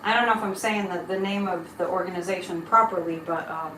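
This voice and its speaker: A woman's voice: on the low side, steady tone, fairly quick, pushed and bright, slight background noise. A middle-aged woman, hosting a casual live tarot reading and chatting over viewer comments as she digresses. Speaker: psychic livestream host. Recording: roomy echo.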